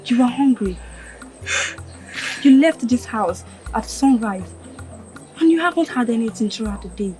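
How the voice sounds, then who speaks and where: A woman playing a gentle, coaxing friend. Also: fairly high pitch, expressive, a little slow, long pauses, faint music behind. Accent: Nigerian. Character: kind young woman comforting a friend. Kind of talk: Nollywood film acting.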